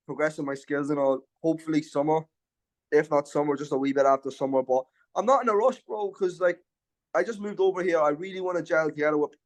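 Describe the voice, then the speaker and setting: A young man speaks in a somewhat high voice. He talks like a brash, confident fighter in a casual interview, stumbling over quick restarts as he pushes his points. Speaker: MMA fighter, interview guest.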